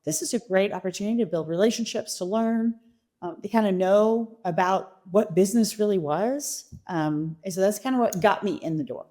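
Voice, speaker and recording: A middle-aged woman, a company chief, telling animated stories about her career in an interview. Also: medium pitch, moderate pace. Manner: animated anecdotes, quoting her father. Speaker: guest, company CEO. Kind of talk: interview storytelling.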